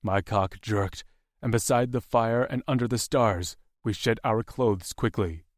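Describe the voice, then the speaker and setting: A man narrating a first-person romance audiobook in a calm, steady reading voice. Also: lowish voice, unhurried, dry recording, studio quality.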